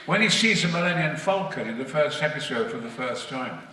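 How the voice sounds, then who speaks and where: A man guest at a convention panel, telling stories to the audience in a booming, theatrical way, heard from far off in an echoey hall. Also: expressive, fairly quick, very noisy. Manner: booming, theatrical, acts out voices. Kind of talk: anecdotal storytelling to an audience.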